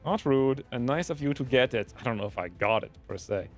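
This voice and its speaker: A man's voice: medium pitch, animated, fairly quick, faint music behind. Chatty man streaming a strategy game. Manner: chatty, laughs easily, thinks aloud. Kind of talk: live gameplay commentary.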